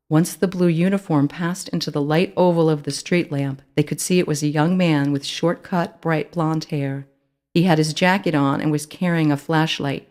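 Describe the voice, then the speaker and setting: A woman reads her own children's book aloud in a steady, expressive narration. Her voice sits low for a woman. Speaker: author reading her book.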